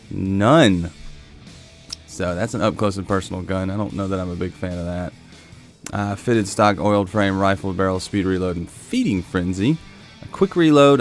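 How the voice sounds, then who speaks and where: A man hosting a casual gameplay video, musing and thinking aloud as he looks through gear. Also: sits low. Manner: relaxed, musing, thinks aloud while browsing weapons. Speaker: gaming video host.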